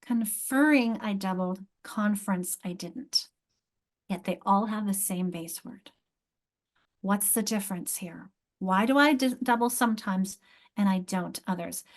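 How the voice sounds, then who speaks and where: A woman instructor teaching other teachers, thinking aloud and sounding out words slowly, repeating each one. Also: mid-range voice. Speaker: literacy instructor.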